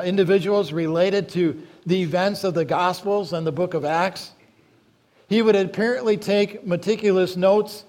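A male pastor delivering a sermon in a high, light voice. He speaks deliberately and leans on key words, slowing down whenever he reads scripture aloud. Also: darkish tone.

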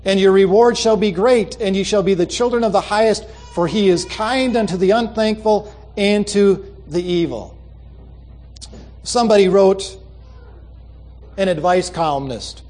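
A man's voice: high voice, unhurried, a little mellow, faint music behind. A man preaching a sermon, reading letters aloud and commenting on them, repeating a key phrase for the congregation. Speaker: pastor.

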